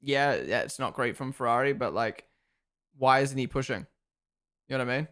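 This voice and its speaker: Young male streamer, chatty watchalong host who reacts live and thanks chat, mid-pitch voice. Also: expressive, moderate pace, fairly bright tone, clean tone. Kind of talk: casual live-stream commentary.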